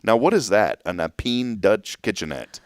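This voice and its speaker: Deep-voiced guy hosting a morning show, lively and jokey, dry mic. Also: moderate pace, no room sound. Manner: jokey, animated, laughs while reading listener comments. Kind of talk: casual chat.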